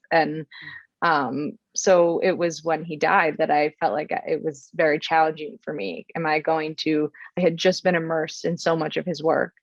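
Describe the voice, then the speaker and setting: Young woman podcast guest with a gravelly, slightly low voice. Earnest, reflective storyteller. Dull, dry recording. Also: no echo. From Florida, USA. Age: young adult. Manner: earnest and reflective, many ums and restarts. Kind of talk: casual personal storytelling.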